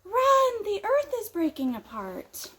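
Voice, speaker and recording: Frightened little boy rabbit voiced by a woman, high and panicky, storybook telling. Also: very animated, normal speed, background noise. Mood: panicked.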